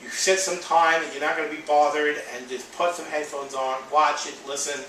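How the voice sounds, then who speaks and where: A man's voice: on the high side, level tone, moderate pace, fairly bright tone, a little hiss or hum. A man, candid and emotional in a rambling personal video diary. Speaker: vlogger. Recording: echoey room, voice from a distance.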